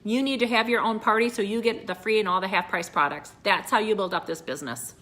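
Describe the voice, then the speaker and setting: A woman's voice: medium pitch, fast talker, fairly bright tone. A middle-aged woman giving an earnest motivational talk to her sales team, repeating phrases, teary-eyed at times. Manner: earnest, repeats phrases, addresses viewers as you guys. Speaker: direct sales consultant.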